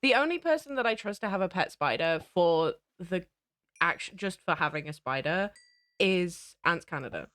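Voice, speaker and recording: A woman streamer chatting while gaming, giggly and animated. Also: on the low side, normal speed. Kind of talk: casual chat while gaming.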